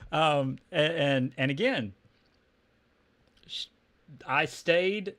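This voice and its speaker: A man's voice: on the high side, extremely slow, fairly bright tone, dry recording. A man from Texas with a Texan accent, telling a personal story on a livestream in a casual, rambling way, full of restarts and fillers. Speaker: comics livestream host.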